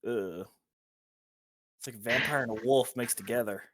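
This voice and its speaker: A man's voice: medium pitch, moderate pace, fairly bright tone, a little hiss or hum. A man playing in an online tabletop game, chatting casually and often searching for words. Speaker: player.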